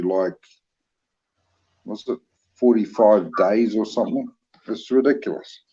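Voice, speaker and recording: A man's voice: on the low side, mellow, lo-fi sound. A man with a New Zealand accent, chatting casually on a livestream, joking easily and answering chat comments. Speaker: livestream co-host reading chat.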